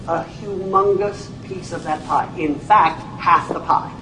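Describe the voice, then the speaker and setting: Man, high voice, lively storytelling presenter, echoey room, mic at a distance. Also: a little slow, few pauses, slight background noise. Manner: lively, jokey, tells stories to make points. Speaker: presenter at a whiteboard. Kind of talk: sales presentation. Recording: echoey room, mic far off, faint ambience.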